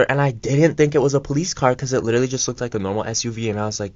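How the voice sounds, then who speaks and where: A man's voice: mid-range voice, no room sound. Rambling young man, dry lo-fi radio mic. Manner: rambling, filler-heavy, quick asides. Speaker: radio co-host. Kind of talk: casual storytelling chat. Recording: dull lo-fi college radio mic.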